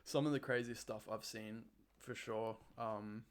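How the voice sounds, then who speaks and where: A young Australian man chatting casually as a podcast guest, relaxed and full of "like" fillers. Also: on the low side, a little slow. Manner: relaxed, filler-heavy with frequent "like". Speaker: guest photographer. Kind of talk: casual chat.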